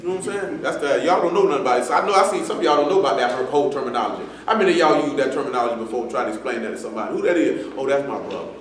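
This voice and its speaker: A man's voice: medium pitch, animated, rapid-fire, hardly any pauses. A man preaching a sermon in loose street slang, joking and quoting people. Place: church assembly hall. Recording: echoey hall from far off.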